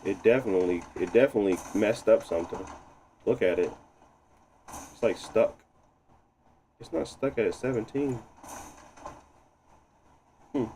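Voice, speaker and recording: A man streaming live, chatting casually while tinkering with settings, thinking out loud and laughing often. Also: on the low side, unhurried, pauses often, a little hiss or hum. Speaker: gaming streamer.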